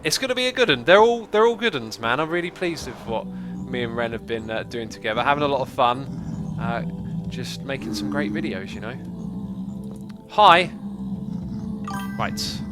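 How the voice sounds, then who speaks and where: A man hosting a casual gameplay livestream, chatting, thinking out loud and answering viewer comments. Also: medium pitch, lively intonation, normal speed, music in the background. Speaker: livestream host.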